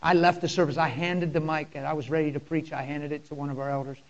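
A male pastor, preaching a sermon in a conversational style and telling personal stories with deep emotion. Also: little pitch movement, fast talker, lo-fi sound.

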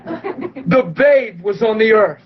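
Fired-up preacher guy, high voice, some faint hiss behind. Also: slow, highs cut off. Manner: excitable, animated, acts out quotes, laughs often. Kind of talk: sermon storytelling.

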